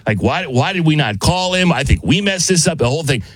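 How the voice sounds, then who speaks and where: A man's voice: a little high, lively intonation, fairly quick, dry recording. A man telling a funny, self-deprecating travel story in casual chat with friends.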